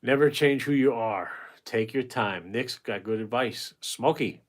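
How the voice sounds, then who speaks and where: A man's voice: mid-range voice, moderate pace, hardly any pauses. A man in his forties hosting a casual livestream, reading out viewer comments and giving blunt, rambling advice, swearing freely and breaking off mid-thought. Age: 40s. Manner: gives frank dating advice to viewers by name. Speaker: painting livestream host.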